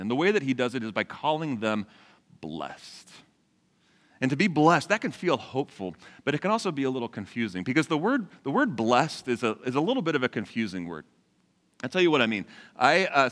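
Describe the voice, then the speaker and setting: Preacher guy, 40s, chatty sermon, asks the crowd stuff, lively up-and-down voice. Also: medium pitch. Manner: conversational, asks the congregation questions. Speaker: pastor. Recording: long hall reverb.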